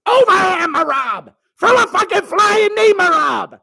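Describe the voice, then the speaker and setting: A man's voice: very high-pitched, sing-song, normal speed, vocal fry, pushed and bright, pitched above the performer's own voice, heavily acted. A man putting on the voice of a cornerman screaming frantic fight advice. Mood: frantic yelling.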